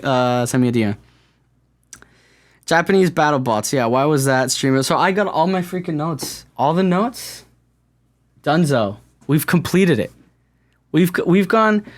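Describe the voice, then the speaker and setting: A man hosts his own podcast with no co-host, drifting from one thought to the next. He talks in a loose, self-deprecating ramble full of fillers and restarts. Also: medium pitch. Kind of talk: solo podcast monologue. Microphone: camera-recorded podcast setup.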